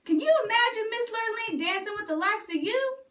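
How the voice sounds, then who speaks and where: A woman's voice: high voice, measured pace, bright, forceful tone, echoey room, distant mic. A woman voicing a mean, lazy young cowboy stepbrother in a storybook, with a mocking manner. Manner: mocking, sneering.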